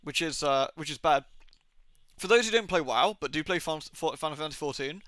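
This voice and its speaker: A young male streamer talks in a casual, rambling way, cracking jokes and tossing in quick goofy voices. His tone is bright and a touch high, and the sound is close and dry with no room around it. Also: expressive, no room sound. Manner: rambling, jokey, swears, acts out quick silly impressions. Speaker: game streamer. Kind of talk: casual live-stream chat.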